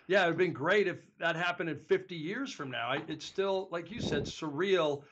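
A man's voice: fairly high pitch, moderate pace, a bit bright, lo-fi sound. A man hosting an interview, eager and heartfelt as he asks about stories. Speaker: host. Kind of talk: casual interview.

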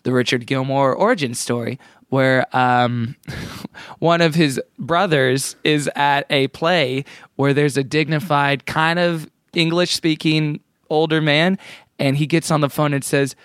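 A man's voice: fairly high pitch, steady tone, a little slow, a bit bright, smooth, no echo, clean studio sound. A man co-hosting a podcast, chatting casually, reading listener emails and laughing often. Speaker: podcast co-host.

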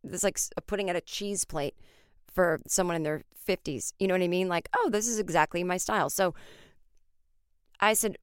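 Animated woman telling a comic story. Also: fairly low pitch, normal speed, clean tone, no echo, clean studio sound. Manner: animated, acts out voices in quotes, swears freely. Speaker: podcast host.

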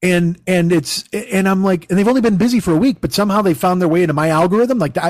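Profane, high-voiced man on a podcast. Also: fast talker, hardly any pauses, dry recording. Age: middle-aged. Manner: profane, rambling, animated storytelling. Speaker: podcast host. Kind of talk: casual chat.

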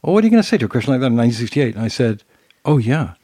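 An older man with a British accent, co-hosting a casual chat and telling anecdotes in an animated way. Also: medium pitch, rapid-fire, dry recording, studio quality. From Britain. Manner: storytelling, animated asides. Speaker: co-host.

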